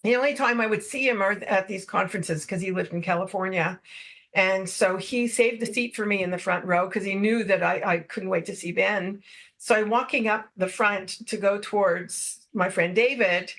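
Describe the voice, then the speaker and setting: A middle-aged woman speaks at an ordinary, mid-range pitch as she tells personal stories to a podcast host. Her delivery is casual and animated, like someone recounting a favorite anecdote. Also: moderate pace. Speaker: podcast guest. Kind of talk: casual storytelling.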